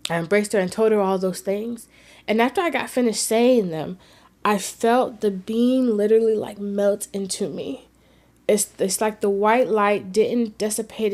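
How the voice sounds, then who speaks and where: A woman vlogger sharing a personal story in an earnest, heartfelt way. She moves between hushed and emphatic. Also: medium pitch.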